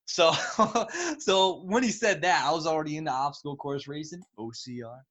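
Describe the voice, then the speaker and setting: A young man, a guest in a casual interview, telling stories with lively, acted-out quotes. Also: a little high, normal speed, dull audio. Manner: animated storyteller, acts out quotes in a raised voice. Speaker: guest, pro obstacle course racer.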